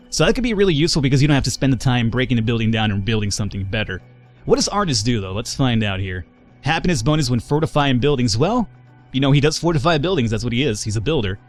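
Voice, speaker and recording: A chatty let's play host who thinks out loud as he picks options and swears freely. His pitch bounces around in a lively, animated way over a middle register. Faint music runs underneath. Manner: chatty, swears, thinks aloud, laughs at himself. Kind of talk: casual gameplay commentary.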